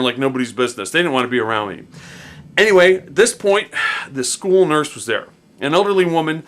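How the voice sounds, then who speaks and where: A middle-aged man casually telling a story about his own past, animated and slangy, tossing in "dude" and "man". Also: a little high.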